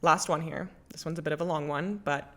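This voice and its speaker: A woman's voice: low voice, steady tone, fast talker, fairly bright tone. A young woman hosting a podcast in casual chat, reading listener letters and answering in a candid, chatty, emphatic way with plenty of swearing. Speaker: podcast host.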